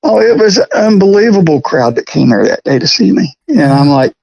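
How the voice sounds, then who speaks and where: A middle-aged man telling stories about restoring a prop in a casual interview, folksy and quick to laugh. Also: high voice, very animated, creaky, darkish tone, breathy edge, no echo, low-quality recording. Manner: chatty, folksy, laughs often.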